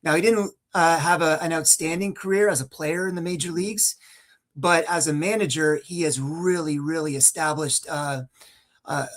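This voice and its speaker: A man's voice: fairly high pitch, fairly even intonation, normal speed. A man in his forties from California, co-hosting a sports podcast and telling stories casually, with restarts and the odd laugh. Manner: storytelling, with restarts and a laugh now and then. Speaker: podcast co-host.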